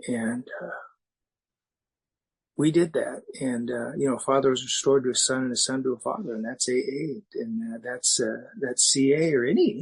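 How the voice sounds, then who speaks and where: Husky middle-aged man sharing his story. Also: mid-range voice, poor audio. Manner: halting, candid storytelling with many restarts. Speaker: speaker sharing at a recovery meeting. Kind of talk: personal recovery share.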